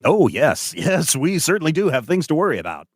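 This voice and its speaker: Lively, um-filled male game master. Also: on the high side, fairly quick, dry recording, studio quality. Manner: animated, hesitant with many fillers. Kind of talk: narrating a tabletop game.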